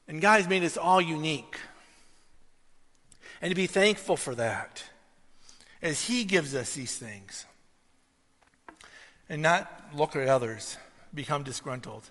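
A man with a high, bright voice preaches to his congregation, shifting into animated impressions as he tells stories. His words ring out with a long hall reverb around them. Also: slow pace, pauses often. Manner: animated storytelling, mimics voices in anecdotes. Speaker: pastor. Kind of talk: sermon.

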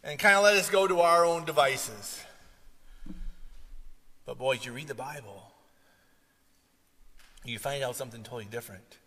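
A man preaching a sermon as pastor, impassioned, swinging between loud, raised passages and hushed, soft ones. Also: medium pitch, normal speed, long pauses. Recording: long hall reverb.

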